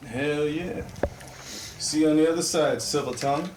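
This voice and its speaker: A man's voice: on the high side, moderate pace, darkish tone. A man narrating as game master, loose and profane with easy laughs. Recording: roomy, distant mic with faint noise.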